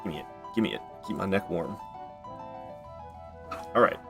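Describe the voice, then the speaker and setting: Man, low-pitched, chatty game streamer, joking, laughing, faint game music behind. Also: lively intonation, normal speed, creaky. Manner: chatty, joking, often laughing and answering chat. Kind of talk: casual live-stream commentary. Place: at home.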